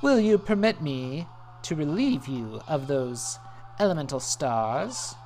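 A woman voicing a suave, scheming villain from a video game, slow and mock-courteous. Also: sits low, very animated, darkish tone, exaggerated voice. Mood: smug.

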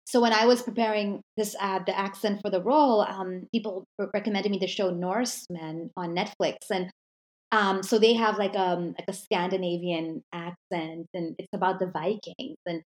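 A woman's voice: mid-range voice, fairly even intonation, normal speed. A woman hosting a podcast interview, chatting casually and asking long, rambling questions. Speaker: podcast host.

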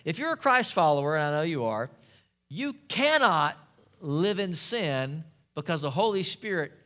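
A pastor preaching a sermon, emphatic and asking the congregation rhetorical questions. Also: male voice, on the high side, big pitch swings, moderate pace, a bit bright.

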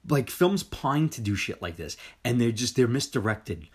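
A man in his forties retelling a horror film in a casual chat, excited and profane, acting out the scenes. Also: medium pitch, normal speed, husky. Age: 40s. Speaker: podcast co-host. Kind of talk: casual movie review chat.

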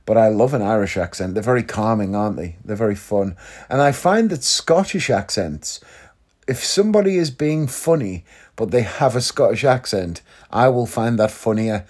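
A man's voice: fairly low pitch, expressive, normal speed, a little mellow. A man from Northeast England talking casually to camera in a vlog, chatty and rambling, often tagging questions onto his sentences. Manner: chatty, leans on tag questions like "isn't it?". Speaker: vlogger.

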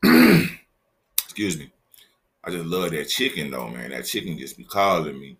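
A man's voice: very deep voice, lively intonation, unhurried, a bit bright. A man hosting a casual solo podcast, joking loosely and talking straight to his listeners in slang. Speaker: podcast host. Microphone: laptop setup, talking to camera.

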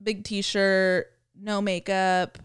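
A young woman on a podcast, talking in long rambling runs full of "like" and swearing and slipping into voices for the people she quotes. Her voice is smooth and clear, and the sound is close and dry. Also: mid-range voice, little pitch movement, drawn-out words, no room sound. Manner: rambling storytelling with many fillers and swearing. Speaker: podcast co-host. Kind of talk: casual chat.

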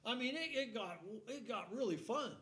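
A male preacher giving a sermon in a folksy, animated storytelling way, often laughing as he acts out a shouting congregation. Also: very high-pitched, moderate pace.

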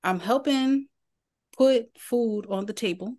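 A woman's voice: fairly high pitch, slow. A woman, a podcast co-host telling a family story in casual chat, laughing as she goes. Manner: animated storyteller, laughs mid-sentence.

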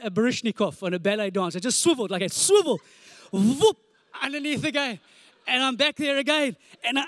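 A man in his forties, a pastor preaching with animated, comic storytelling, sound effects and repeated phrases. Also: very high voice, dry recording, clean studio sound. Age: 40s. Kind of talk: storytelling sermon.

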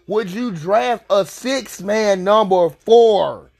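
A man ranting furiously as a sports fan, swearing, repeating himself and shouting in bursts. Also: high-pitched, takes it slowly, vocal fry, faint music behind. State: heated and upset. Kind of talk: angry rant to camera.

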